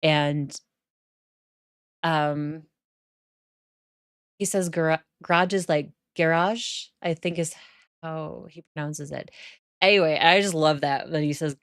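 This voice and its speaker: Low-voiced American woman chatting while gaming. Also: steady tone, slow, pauses often, smooth, no echo, studio quality. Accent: northern US, near Canada. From United States. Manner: chatty, answering chat, laughs often. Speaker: Sims gameplay streamer. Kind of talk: casual chat while playing a game.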